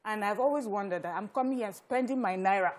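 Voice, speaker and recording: A woman's voice: mid-range voice, quick pace. A Nigerian woman speaking as a TV talk show panelist, making her points with animation. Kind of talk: studio panel discussion.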